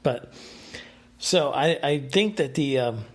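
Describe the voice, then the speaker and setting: A man's voice: mid-range voice, lively intonation, slow, breathy edge. A man recounting his dreams in a casual, rambling monologue, full of fillers and restarts. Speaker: podcast host.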